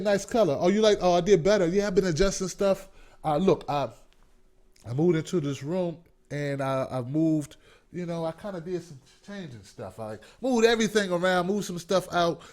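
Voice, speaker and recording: A man in his forties hosting a comedic talk show, talking in an animated, profane way and acting out voices. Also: fairly high pitch, normal speed. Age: 40s. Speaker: host.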